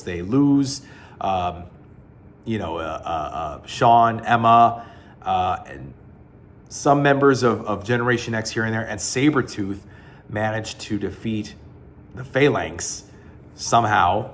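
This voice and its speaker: A man's voice: mid-range voice, a little hiss or hum. A man giving a casual, rambling spoken review of a comic book collection, blunt and full of fillers and restarts.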